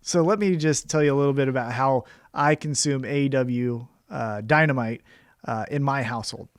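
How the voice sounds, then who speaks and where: A man's voice: mid-range voice, moderate pace, clear, resonant tone, dry recording, studio quality. A man hosting a wrestling podcast, upbeat and casual, walking through each segment of the show and sharing his take on it. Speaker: podcast host.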